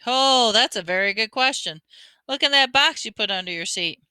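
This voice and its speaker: A woman's voice: a little high, lively intonation, moderate pace, bright, forceful tone, clear, resonant tone, dry recording. A woman reading aloud, voicing a kindly, teasing older man who talks folksy and calls the boy "bud". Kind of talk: audiobook reading.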